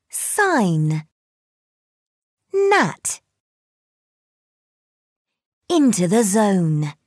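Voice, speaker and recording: A woman leading a children's reading lesson, speaking very slowly and clearly with a lively, rising and falling voice. She prompts and asks questions. The recording is close and dry. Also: mid-range voice, no room sound. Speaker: reading guide.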